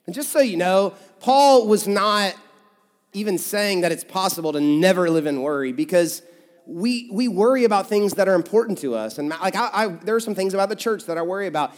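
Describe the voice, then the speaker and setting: A man with a high voice preaches to his congregation in a loose, joking, conversational way, slipping into voices for the people he quotes. His words ring out with a long echo through a large church hall. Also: expressive, fairly quick. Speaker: pastor. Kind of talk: sermon. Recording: reverberant sanctuary sound.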